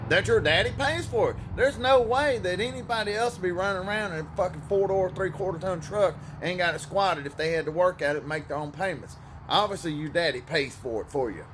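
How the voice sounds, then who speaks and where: Profane high-voiced man. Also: expressive, fast, a bit bright, slight background noise. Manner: profane, drawling, sarcastic. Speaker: storyteller. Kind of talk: comic anecdote.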